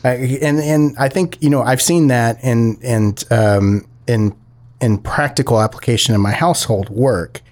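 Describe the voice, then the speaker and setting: A man's voice: medium pitch, a little slow, darkish tone. A man co-hosting a casual podcast, telling stories in a rambling way and often correcting himself. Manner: rambling, self-correcting storyteller. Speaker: co-host.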